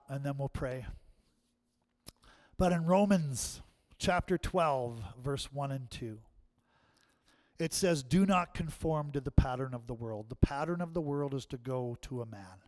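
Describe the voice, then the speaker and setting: A man's voice: medium pitch, a little slow, darkish tone. A man preaching a sermon in a church, talking in a conversational way and often checking in with the congregation, then leading a closing prayer. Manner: conversational, keeps asking the crowd "right?".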